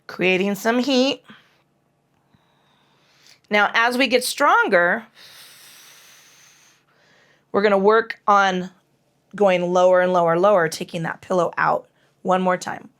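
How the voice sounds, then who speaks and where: Brief: woman yoga teacher, mid-pitched voice, talks students through breath and leg lifts with blunt, playful profanity. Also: slow pace, pauses often, a bit bright. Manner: profane, frank and playful while cueing breath. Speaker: yoga instructor. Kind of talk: guided yoga class instruction.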